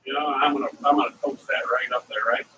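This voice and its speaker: A man's voice: mid-range voice, steady tone, fast talker, dull audio. A middle-aged man hosting a casual cooking vlog, rambling and chatty as he talks viewers through his recipes and wanders off into side stories. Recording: distant mic with faint ambient noise.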